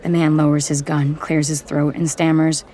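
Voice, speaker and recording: A woman reads a first-person audiobook in a low voice. Her delivery is measured and intimate, close and steady throughout. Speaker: audiobook narrator.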